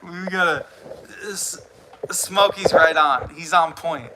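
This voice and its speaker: A man's voice: on the high side, takes it slowly, background noise. An American man hosting a casual live stream, earnestly rambling with frequent restarts as he responds to viewer comments. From United States. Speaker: livestream host.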